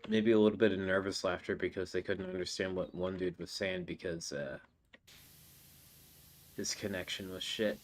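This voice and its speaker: A man's voice: low voice, fairly even intonation, moderate pace, a little hiss or hum. Rambling, cussing podcast host, man. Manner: rambling, profane, full of fillers. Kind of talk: casual podcast chat.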